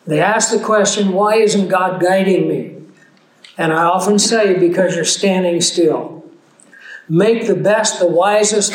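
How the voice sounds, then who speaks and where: A man preaching a sermon, earnest and conversational, moving easily between a personal story and his teaching point. His voice sits fairly high for a man. He is recorded in a roomy, echoing space.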